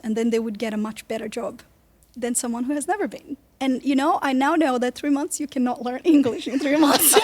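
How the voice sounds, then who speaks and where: A woman's voice: fairly high pitch, a little mellow. A woman from Brazil with a Brazilian accent, chatting as a guest in a casual interview and laughing often. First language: Portuguese. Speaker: guest singer.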